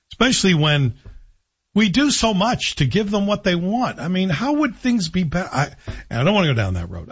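A middle-aged male talk radio host who delivers opinionated commentary full of sarcastic asides. His voice is husky and sits a little high. The audio is muffled and lo-fi. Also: a bit bright.

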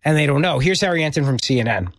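Male radio host, middle-aged, emphatic, fairly high voice, dry close sound. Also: expressive, rapid-fire, no room sound. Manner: emphatic, repeats words when pressing a point. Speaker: radio talk show host. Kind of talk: opinionated political talk radio.

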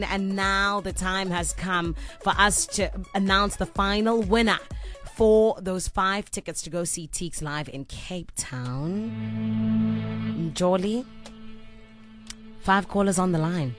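A woman, hosting a lively radio giveaway with lots of affectionate banter. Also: medium pitch, takes it slowly. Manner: bubbly, affectionate, laughs often. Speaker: radio host. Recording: radio studio with music bed.

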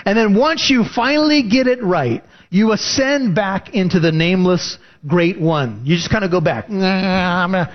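Man, pastor, animated sermon, bright high voice, muffled lo-fi sound. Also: moderate pace, hardly any pauses. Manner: animated, rising pitch for emphasis. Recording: dull lo-fi recording.

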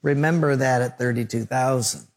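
A man preaching, voicing God as a calm, fatherly divine figure who speaks in a gentle, instructive way. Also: mid-range voice, normal speed, voice pushed down, natural voice.

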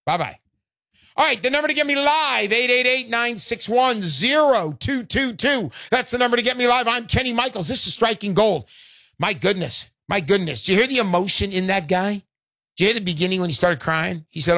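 Brash high-voiced radio host. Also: male voice, expressive, moderate pace, sharp tone, no echo. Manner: brash, salesy, jokey. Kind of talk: call-in radio talk show.

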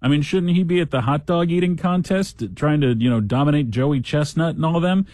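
A man's voice: a little high, brisk, a little mellow, no echo, clean studio sound. A man hosting a talk show, giving casual news commentary with sarcastic, joking asides.

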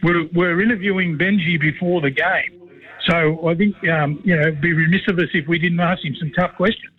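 A man's voice: on the high side, steady tone, brisk. Aussie man on a tinny phone line. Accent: Australian. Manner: rambling storyteller, says "mate" constantly. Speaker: guest, former player and commentator. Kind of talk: casual radio chat by phone.

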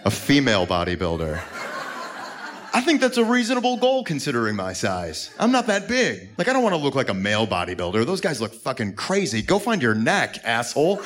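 A man's voice: on the high side, very animated, fairly quick. A man doing a crude stand-up comedy set on a club stage, brash and prone to sudden yelps, on a handheld mic. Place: comedy club stage before a live audience. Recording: live club recording with noisy room.

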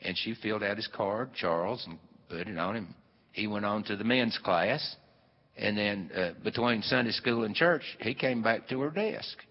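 A man's voice: on the low side, moderate pace. An older man, telling a rambling, folksy family story with many fillers. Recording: long hall reverb, dull lo-fi sound.

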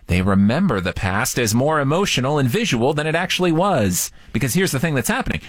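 A man hosting his own show, talking playfully about music psychology with quick asides. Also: mid-range voice, no echo, clean studio sound. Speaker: host.

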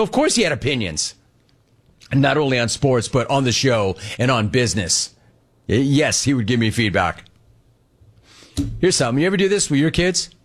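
A male sports radio host reads out listener questions and answers them in an easy, chatty way. His voice sits at a middle pitch. He tells anecdotes and briefly mimics the people in them. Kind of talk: casual listener Q&A.

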